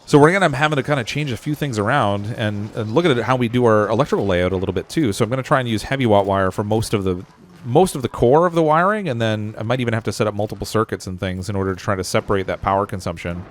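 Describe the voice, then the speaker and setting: A man's voice: fairly low pitch, fast, hardly any pauses. A young Canadian man with a Canadian accent, live-streaming and commenting on his gameplay, chatty, thinking aloud with fillers and corny jokes. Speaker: game streamer.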